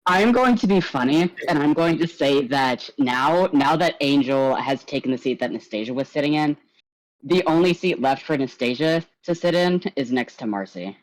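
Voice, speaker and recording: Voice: mid-range voice, animated, normal speed, low-quality recording. A game master narrating a tabletop game in casual, swearing speech full of fillers.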